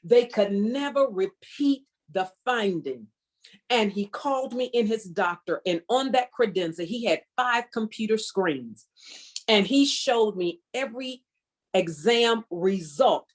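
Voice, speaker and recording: A woman's voice: mid-range voice, lively intonation, unhurried. A middle-aged woman sharing a fervent personal testimony as a guest, preacher-like and emphatic, repeating phrases for weight. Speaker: guest speaker.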